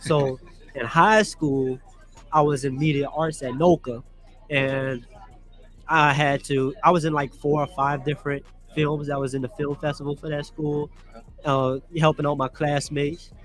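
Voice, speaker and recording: A man's voice: on the high side, level tone, a little slow, a bit bright, soft background music. A young man in his twenties, a guest at a live podcast, telling his story in long, meandering answers. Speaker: interview guest, actor. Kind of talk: casual interview answers. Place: live at a church health fair.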